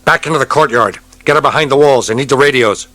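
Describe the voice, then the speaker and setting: A man's voice: medium pitch, quick pace, a bit bright, no echo, voice pushed up, close to an everyday voice. A male narrator voicing a tense Soviet army captain under fire, giving clipped urgent orders.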